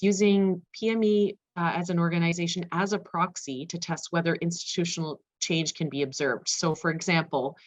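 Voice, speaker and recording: A woman panelist giving an academic research presentation, talking fast with frequent fillers. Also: fairly low pitch. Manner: fast-paced, self-aware of speed, frequent fillers. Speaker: conference panelist.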